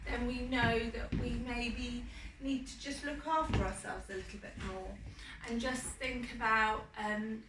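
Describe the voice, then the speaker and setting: English teacher lady walking kids thru yoga, slow and calm, echoey room, mic kinda far off, bit of hiss. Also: fairly high pitch. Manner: slow, gentle step-by-step instructions. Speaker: primary school teacher. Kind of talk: guided children's yoga lesson. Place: indoor room. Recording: roomy, distant mic, faint noise.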